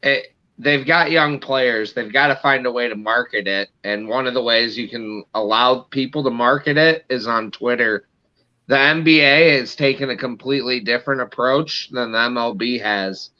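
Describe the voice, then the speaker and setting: Bright-toned opinionated man on lo-fi audio. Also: mid-range voice, normal speed. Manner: opinionated, explains points. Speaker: podcast guest. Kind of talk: casual sports talk.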